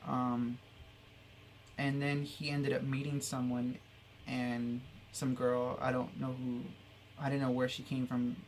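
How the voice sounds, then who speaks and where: Young man, personal vlog storyteller; flat, creaky delivery, rambling and heartfelt, low noise floor. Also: slow. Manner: rambling, heartfelt, many fillers. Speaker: vlogger.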